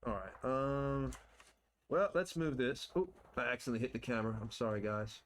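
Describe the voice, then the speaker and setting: A man's voice: medium pitch, a little fast. A man streaming live, chatting playfully to himself and to viewers as he builds game terrain, boasting in fun. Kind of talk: casual live-stream chat while building. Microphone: desk mic with headphones.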